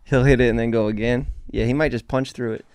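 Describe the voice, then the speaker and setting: A man talking casually as a podcast guest, telling animated stories and swearing freely. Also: mid-range voice, fast talker, smooth, no room sound, clean studio sound. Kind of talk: casual chat.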